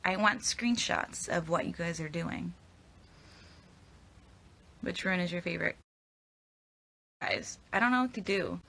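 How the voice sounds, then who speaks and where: A woman's voice: fairly low pitch, creaky, pushed and bright, breathy edge. A young woman answering fan questions in a casual live Q&A, rambling and hesitant as she stumbles over her words. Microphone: phone at arm's length.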